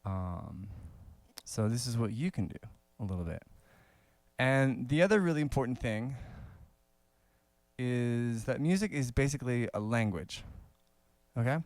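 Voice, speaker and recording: A man teaches in a loose, conversational way, filling pauses with "um" and light laughs. His voice is smooth and clear, sitting at an ordinary pitch. The sound is close and dry, with no room around it. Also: no echo. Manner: relaxed, conversational, many fillers and little laughs. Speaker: saxophone teacher. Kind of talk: casual video lesson.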